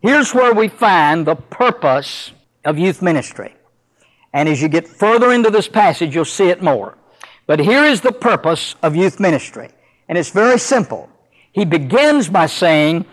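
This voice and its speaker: A male preacher with a notably high voice delivers a sermon. He reads scripture in a slow, solemn cadence, then presses his points with rising emphasis and questions aimed at his listeners. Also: sing-song, fairly bright tone, rough recording. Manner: rhetorical questions to the audience.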